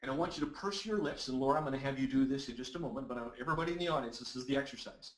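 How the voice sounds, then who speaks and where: Male webinar presenter and voice coach, average pitch, energetic and coaxing; echoey room audio. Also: very fast. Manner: energetic and encouraging, reads audience comments aloud. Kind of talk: live webinar teaching.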